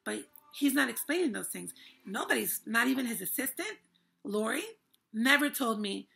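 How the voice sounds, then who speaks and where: A woman's voice: on the high side, animated, normal speed, gravelly, a bit bright. A young woman vlogger giving an emphatic, frank and indignant personal testimony. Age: young adult.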